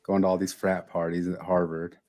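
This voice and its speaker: A man's voice: sits low, little pitch movement, fairly quick, a little mellow. A man co-hosting a casual podcast, laid-back and chuckling. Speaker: podcast co-host. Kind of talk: casual chat.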